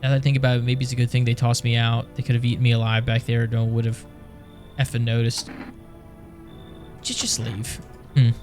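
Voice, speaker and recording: A man's voice: medium pitch, completely flat delivery, a little fast, pauses often, darkish tone, faint music behind, natural voice. A man voicing a bitter drifter in a horror game, mock-polite and sardonic.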